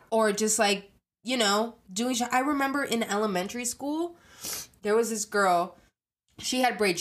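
A young adult woman hosting a casual monologue podcast, ranting animatedly and swearing freely. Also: medium pitch. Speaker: podcast host.

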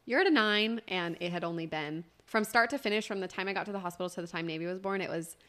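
A woman's voice: lowish voice, fast talker. A young woman co-hosting a podcast, telling a story in casual chat and acting out the voices of others. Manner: chatty, animated storytelling with quoted voices. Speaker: podcast co-host.

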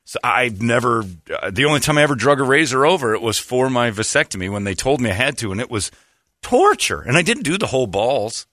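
A man's voice: medium pitch, animated, quick pace, hardly any pauses, a bit bright, no echo, clean studio sound. A man hosting a casual talk show, telling crude jokey stories with lots of animation. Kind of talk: crude comedic banter.

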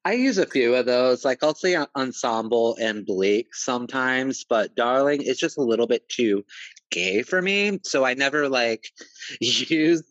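Jokey guy on a podcast, mid pitch, dull dry recording. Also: expressive, a little slow, a bit bright, dry recording. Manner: joking, laughs often. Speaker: podcast co-host. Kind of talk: casual chat.

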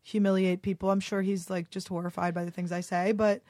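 A woman's voice: medium pitch, little pitch movement, brisk, darkish tone, dry recording, studio quality. A young woman, a comedian guest in a casual podcast chat, telling a heated story with lots of swearing and "like". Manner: heated, profane storytelling full of "like".

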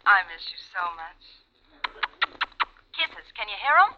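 An actress in a 1940s radio play playing an affectionate young bride who gushes. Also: female voice, mid-range voice, big pitch swings, a little slow, background noise. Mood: gushing. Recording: dull old radio broadcast.

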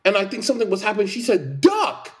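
A man's voice: high voice, very fast. A man in casual conversation, venting emphatically with lots of repetition. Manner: animated, repetitive, emphatic complaints. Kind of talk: casual opinion chat.

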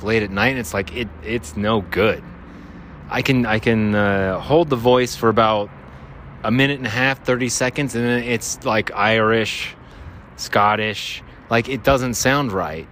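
A man's voice: medium pitch, a bit bright. A man hosting his podcast, rambling and joking about himself in a nasal voice, recorded outdoors by a freeway. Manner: rambling, self-deprecating, jokey. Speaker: podcast host. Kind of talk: rambling casual monologue. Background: traffic and motorcycles.

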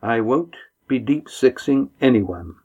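A man's voice: medium pitch, animated, takes it slowly, a little mellow, husky, lo-fi sound, exaggerated voice. A man voicing a resolute young ship's captain, firm and formal.

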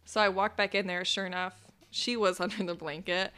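Young woman, twenties, interview guest, bright clear voice, nervous laughing delivery. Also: on the low side, steady tone, a little fast. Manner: talks in a rush with nervous laughs and "like". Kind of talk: personal account in an interview.

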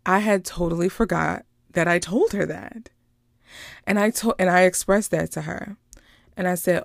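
A woman casually recapping a movie, chatty and animated, drifting into personal stories. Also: lowish voice, normal speed, gravelly, no room sound, clean studio sound. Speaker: vlogger reviewing a movie.

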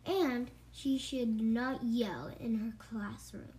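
A woman with a very high voice joins in on a read-aloud with casual comments, speaking slowly. Her remarks come in unhurried, chatty bits. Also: mellow. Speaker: listener joining a read-aloud. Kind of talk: casual chat.

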